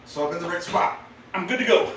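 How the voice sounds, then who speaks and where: A man's voice: high-pitched, quick pace, a bit bright, reverberant, slight background noise. A man in his fifties casually chatting with viewers while lifting weights in a home gym, upbeat and talkative. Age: 50s. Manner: chatty, upbeat, talks to viewers between sets. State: out of breath after sets. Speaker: fitness streamer. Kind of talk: casual live-stream chat while lifting.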